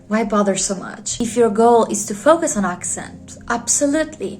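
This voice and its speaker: A woman's voice: mid-range voice, darkish tone. A young woman, a native speaker of Italian and Polish with a light Italian accent leaning British, giving a frank, opinionated vlog-style lesson as an English teacher.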